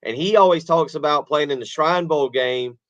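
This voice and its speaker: A man's voice: a little high, moderate pace. A man on a sports talk panel, telling a story in a conversational way. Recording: dull lo-fi audio.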